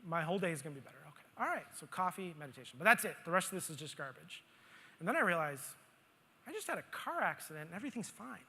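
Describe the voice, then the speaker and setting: Man, conference speaker, lively storyteller, bright high voice, reverb of a big hall. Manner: animated storyteller, acting out his own grumbling. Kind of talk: storytelling talk on stage.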